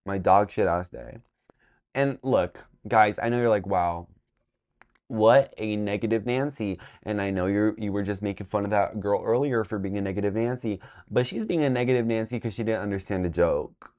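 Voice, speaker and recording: A man's voice: fairly low pitch, fairly quick, a little mellow. A young man telling a storytime vlog in a rambling, exasperated way, swearing as he goes. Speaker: vlogger.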